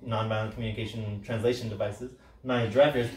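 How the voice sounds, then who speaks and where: A man's voice: medium pitch, normal speed. A man leading a workshop, talking casually and acting out the quoted lines with a lot of energy. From Sicilian background. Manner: animated, acts out quoted lines loudly, frequent "right?". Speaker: workshop facilitator. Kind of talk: workshop talk. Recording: roomy, from a distance.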